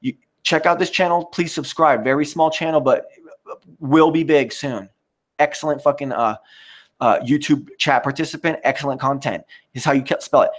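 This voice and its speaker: A man's voice: medium pitch, fairly quick. Profane rambling man ranting on a stream. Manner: reads and answers a live chat. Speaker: live stream host. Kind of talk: casual live-stream rant.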